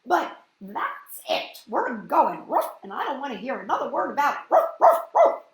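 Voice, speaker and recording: A woman voicing an excitable male dog who barks between his words, in a children's storybook read-aloud. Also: high-pitched, normal speed, full character voice. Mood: insistent. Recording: roomy echoey room.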